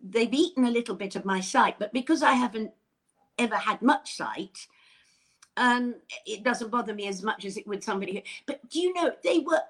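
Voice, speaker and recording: A woman's voice: on the high side, animated, brisk, slightly rough. Bubbly, effusive older woman. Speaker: interview guest. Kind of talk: casual chat.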